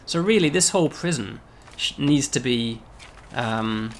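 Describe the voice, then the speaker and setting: A man, a game developer, casually explaining a game demo, often pausing on "um" and checking with "right?". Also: mid-range voice, expressive, slight background noise.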